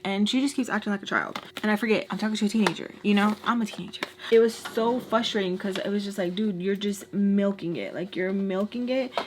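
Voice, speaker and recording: A woman in her thirties tells a story to her viewers in a loose, chatty way, full of "like" and quick asides. Her voice sits at an ordinary middle pitch. A faint hum runs under the recording. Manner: chatty, filler-heavy, animated when quoting arguments. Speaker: storytime vlogger. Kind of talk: casual storytime.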